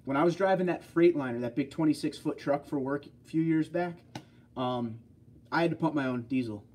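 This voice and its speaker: Here the New York man running the livestream talks briskly in a somewhat high, slightly mellow voice, with a bit of hiss or hum in the background. He keeps things casual, wandering through answers to viewer comments.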